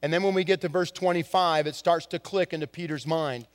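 A man preaching a sermon as a pastor, swinging from hushed lines to emphatic ones. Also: fairly high pitch, fairly even intonation, a little fast, long reverb tail. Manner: dramatic shifts from hushed to emphatic.

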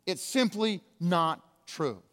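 A man preaching a sermon as pastor, emphatic, slowing down hard on key words, with big swings between loud and quiet. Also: high-pitched, animated. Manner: emphatic, with slow drawn-out stresses and wide swings in loudness. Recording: long hall reverb.

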